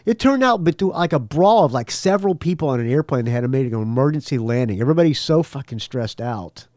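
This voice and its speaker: A man's voice: mid-range voice, expressive, fast, darkish tone, no room sound. A man hosting a casual podcast, rambling and profane, laughing between his asides. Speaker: podcast host. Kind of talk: casual solo podcast chat.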